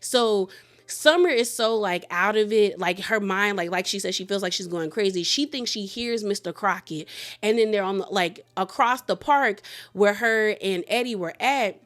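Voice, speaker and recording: A woman's voice: medium pitch, moderate pace, a bit bright. Brief: a chatty woman doing a casual spoiler recap, filler-heavy, with side comments. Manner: chatty, lots of "like" fillers and aside reactions. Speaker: reviewer.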